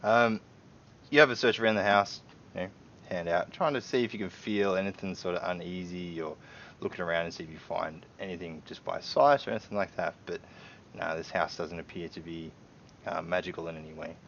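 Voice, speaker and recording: A man's voice: sits low, fairly even intonation, brisk, gravelly, a bit bright, a little hiss or hum. A man narrating a tabletop game as game master, in a loose, casual way, on a dull lo-fi stream recording.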